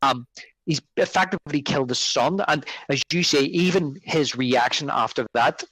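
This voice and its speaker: A man's voice: a little high, normal speed, a bit bright, dry recording, low-quality recording. A man co-hosting a podcast, chatting casually about a film with rambling restarts and fillers. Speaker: podcast co-host. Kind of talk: casual film review chat.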